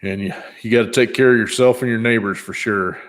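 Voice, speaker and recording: A man's voice: lowish voice, fairly even intonation, a little fast, fairly bright tone. A man in his fifties chatting casually on his vlog in a rambling, easygoing way, with many fillers. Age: 50s. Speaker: channel host.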